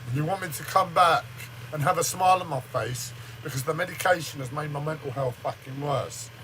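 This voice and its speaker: Shaken and angry, a man rants on a livestream while standing before a camera, swearing heavily and saying he speaks like he's in shock. His voice is fairly high, bright, and forceful, and he talks briskly. The audio is poor, with a bit of hiss or hum.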